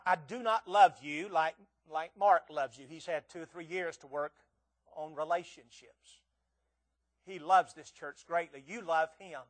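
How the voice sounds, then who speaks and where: A man in his sixties delivers a sermon in a high voice, pleading earnestly with the congregation. He often stammers and doubles his words as he presses his point. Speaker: visiting preacher.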